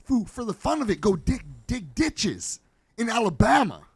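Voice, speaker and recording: Here a man with a high, slightly rough voice talks at normal speed, with no room sound. He co-hosts a laid-back podcast reacting to videos, joking and mocking in an animated way that bursts into shouting.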